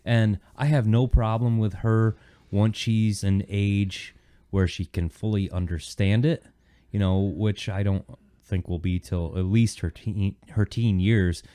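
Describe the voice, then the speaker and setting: A man's voice: lowish voice, steady tone, a little slow, dark tone. A man hosting a podcast, chatting casually and telling a story in a rambling way, with many "you know"s. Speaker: podcast host. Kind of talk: casual chat.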